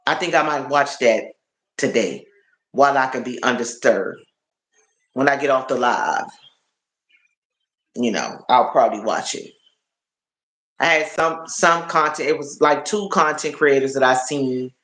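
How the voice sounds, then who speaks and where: A man's voice: mid-range voice, a little slow, pauses often, a bit bright. A man chatting casually on a live stream, rambling and repeating his words as he talks to viewers. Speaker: livestreamer. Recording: roomy echo.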